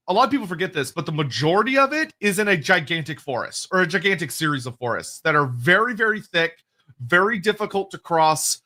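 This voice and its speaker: Bright, lively high-voiced man. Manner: animated, quick, jokey. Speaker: co-host reading viewer questions. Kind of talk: casual live stream chat.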